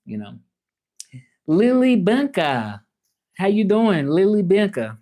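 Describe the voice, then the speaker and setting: A man's voice: sits high, big pitch swings, slow, warm tone. A man with a Southern US accent chatting casually on a livestream, reading viewer comments and talking straight to the audience. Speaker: livestreamer and language teacher.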